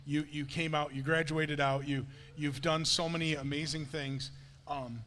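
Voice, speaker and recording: A male pastor talking with a guest in a church service, telling a lively story with many restarts and quick acted-out quotes. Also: fairly high pitch, a little hiss or hum. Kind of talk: conversational sermon interview. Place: church sanctuary. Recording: reverberant church hall.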